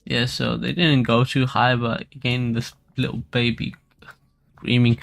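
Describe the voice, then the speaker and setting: A man talks through crypto charts on a live stream in a loose, rambling way, full of fillers and restarts. His voice has a gravelly, creaky edge and sits at an ordinary pitch. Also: little pitch movement, unhurried, fairly bright tone. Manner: casual, rambling, filler-heavy. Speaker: crypto market analyst. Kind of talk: live stream market commentary.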